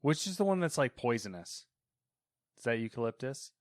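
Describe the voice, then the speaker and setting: A man hosts a weekly gaming podcast, chatting loosely in a very animated mid-range voice at a moderate pace. The recording is dry. He rambles and tends to trail off into mumbles mid-thought.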